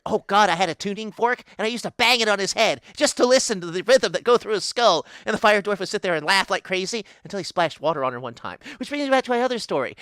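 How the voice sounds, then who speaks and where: Man playing a scatterbrained female pixie goddess: gleeful, rambling, bright tone, wildly swinging pitch, dry sound. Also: no room sound, heavily acted. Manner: rambling, giggly, swings between booming and squealing. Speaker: guest voice actor. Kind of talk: comedic improvised character interview.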